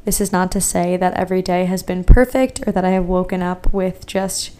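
A woman's voice: lowish voice, level tone, brisk, warm tone, clear, resonant tone. A young woman hosting her podcast, chatting casually and gushing, with lots of "like" fillers. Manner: chatty and gushing, heavy use of "like". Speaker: podcast host. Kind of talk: casual solo podcast chat.

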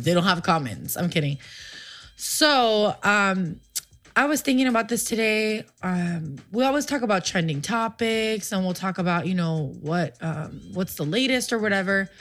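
A woman's voice: medium pitch, fairly bright tone. Goofy, teasing young woman host. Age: 20s. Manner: goofy and teasing, often laughing it off. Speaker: show host. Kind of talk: casual talk show chat. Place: live-streamed studio.

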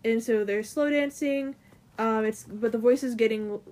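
A woman's voice: fairly high pitch, moderate pace, a little mellow. A woman in casual chat, retelling a comic's story in a loose, filler-heavy way full of "like" and "um".

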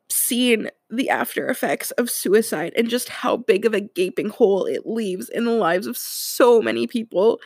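A woman's voice: medium pitch, lively intonation, normal speed, hardly any pauses, darkish tone, slightly rough, no room sound, clean studio sound. A young woman hosting a solo podcast, tearful and earnest, laughing through her tears as she speaks. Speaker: podcast host.

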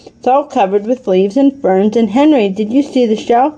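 A woman reading aloud, voicing a lively, thoughtful young girl in a storybook in an eager way. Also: on the high side, moderate pace, muffled recording, close to an everyday voice. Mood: excited.

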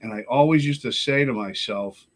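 A man's voice: medium pitch, normal speed. A middle-aged man, a podcast guest telling his recovery story in a rambling, profane way full of "you know". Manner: rambling, profane, frequent 'you know'. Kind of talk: casual storytelling.

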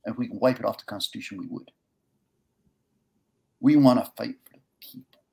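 A man with a rough, gravelly voice speaks with earnest conviction. He tells a gripping personal story, then lays out his political plans with building intensity and punchy repetition. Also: medium pitch, brisk. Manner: earnest, impassioned, rises to near-shouting. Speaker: congressional candidate. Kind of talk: emotional storytelling and campaign pitch.

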